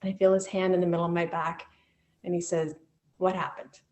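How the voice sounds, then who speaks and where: A woman's voice: lowish voice, flat delivery, fairly quick, warm tone, muffled recording. A woman telling a personal story in a vivid, emotional, conversational way, recorded over a video call.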